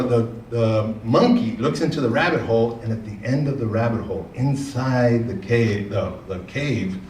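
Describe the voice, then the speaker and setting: A man's voice: medium pitch, a little hiss or hum. Man giving a folksy conference talk. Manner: folksy, repeats words and uses fillers. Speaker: conference speaker. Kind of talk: keynote talk with storytelling. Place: large conference room. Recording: echoey room, speaker far from mic.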